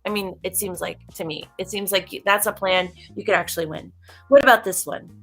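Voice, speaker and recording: A woman's voice: mid-range voice, steady tone, fairly quick, faint music behind. A woman hosting a casual livestream, talking emphatically and a bit preachily, straight to her viewers. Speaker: livestream host.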